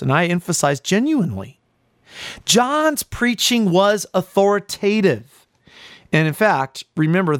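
A man's voice: a little high, dry recording, studio quality. A man preaching a sermon in a fiery, emphatic way, with sudden rises in force.

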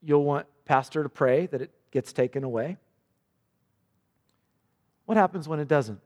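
Impassioned preacher in a reverberant hall. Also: male voice, on the high side, measured pace. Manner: impassioned, with sharp drops to quiet. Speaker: pastor. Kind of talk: sermon.

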